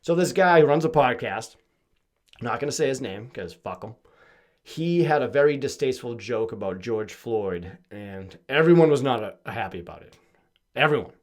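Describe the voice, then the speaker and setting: A man's voice: medium pitch, moderate pace. A young man from Massachusetts, hosting a podcast in a casual comedic monologue, swearing freely and acting out quoted lines. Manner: profane, animated storytelling with mock-quoted voices. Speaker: podcast host.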